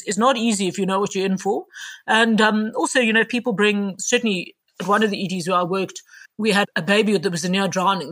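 Bright-voiced woman telling animated stories. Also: medium pitch. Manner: animated, acts out quotes with laughs. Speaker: emergency doctor and author. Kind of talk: interview guest, casual storytelling.

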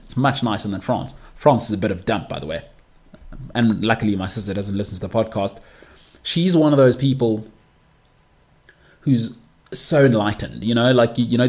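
Low-voiced chatty man hosting a podcast. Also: a little mellow. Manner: chatty, mocking, rambling asides. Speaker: podcast host. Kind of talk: solo podcast monologue.

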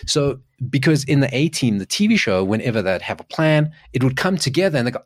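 Man, casual podcast chat, swooping lively pitch, dry close sound, excitable storyteller. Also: a little fast, no room sound. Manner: animated storyteller, jumps in pitch, restarts often. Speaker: podcast co-host.

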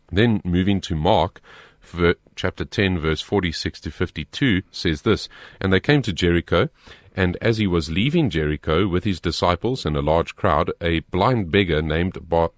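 A man's voice: sits low, no room sound, studio quality. A man answering a listener's Bible question, explaining earnestly and then reading scripture passages aloud. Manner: earnest, measured, with small restarts.

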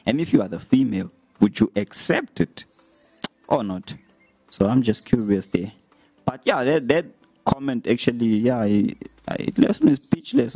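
A young man talking casually to his viewers as a vlogger, retelling comments with animated, laughing delivery. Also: lowish voice, gravelly, dry recording. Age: young adult. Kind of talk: casual storytelling to camera.

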